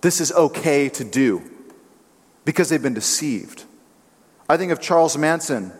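A man's voice: on the high side, lively intonation, measured pace, husky. A man preaching a sermon in an emphatic way, now and then acting out what others say in changing voices. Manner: emphatic, acts out quotes in shifting voices. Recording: long hall reverb.

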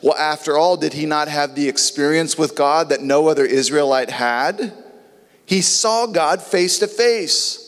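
A man's voice: a little high, measured pace, a bit bright. A man preaching a sermon in an earnest way, sometimes acting out biblical dialogue in voices. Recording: long reverb.

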